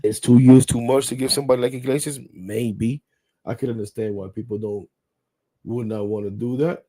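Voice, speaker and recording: A man's voice: medium pitch, steady tone, moderate pace, warm tone. A man hosting a live sports talk show, rambling bluntly, swearing casually and talking straight to his viewers. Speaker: podcast host.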